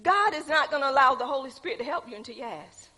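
A woman preaches a testimony sermon in a high, bright voice. She leans on the congregation, drops to a hush, then rises to a loud call. Her voice rings with a long hall reverb. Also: lively intonation, quick pace. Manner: testifying, addresses congregation as y'all, swings from hushed to shouting.

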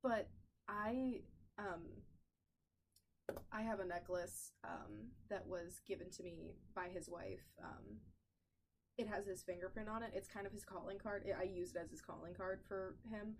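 A woman's voice: medium pitch, a little slow, slight background noise. A woman co-hosting a casual podcast chat, telling stories animatedly, laughing often and swearing freely. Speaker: podcast co-host.

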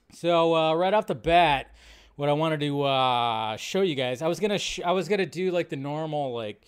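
A man's voice: fairly high pitch, clean tone. A man hosting a live show, chatting casually, rambling and repeating himself as he greets viewers by name. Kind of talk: casual live-stream chat. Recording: music playing under the voice. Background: music.

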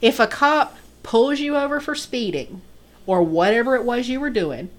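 Female podcast co-host, higher voice, animated pitch, blunt and profane. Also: moderate pace. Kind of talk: casual chat.

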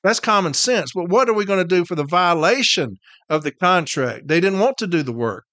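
A tired, irritated man with a drawl rants on his podcast, blunt and profane, pounding each point again and again. His voice sits fairly high for a man. The recording is close and dry, with no room sound. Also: animated, fairly quick, bright, forceful tone, no room sound. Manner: blunt, heated, profane, repeats points for emphasis. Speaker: podcast host and union representative. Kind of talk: casual profane rant.

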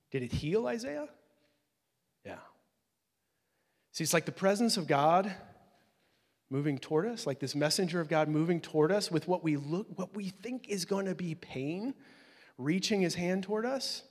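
A pastor preaching a sermon in a casual, conversational way, swinging between loud, high exclamations and soft, low asides. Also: male voice. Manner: casual, conversational preaching with many fillers and restarts. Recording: long hall reverb.

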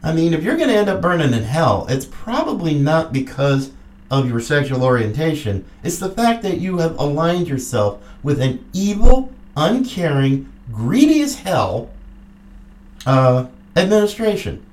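Female podcast host with a mocking, angry political rant, a very lively swinging pitch and an unhurried delivery. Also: recorded from a distance. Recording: echoey room.

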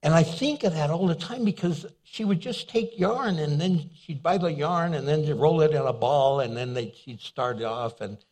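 A man delivers a lively sermon, slipping into little acted scenes and joking as he goes. His voice sits a touch high and carries a husky edge. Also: moderate pace, few pauses. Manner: animated storytelling, acts out little scenes and voices; jokes and laughs as he preaches. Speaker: pastor. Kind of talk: humorous sermon.

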